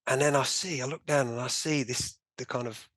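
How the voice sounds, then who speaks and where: Guest voice: man, lively storyteller who acts out the remarks, dry close sound. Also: mid-range voice, fairly quick, no room sound. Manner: animated storytelling, acting out his own and doctors' remarks, many "you know" fillers. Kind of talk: personal story in a conversational interview.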